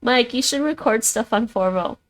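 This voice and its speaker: A woman's voice: fairly high pitch, moderate pace. A woman whose first language is Dutch, chatting casually on a livestream as she practices words aloud and thinks through them. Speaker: streamer learning languages.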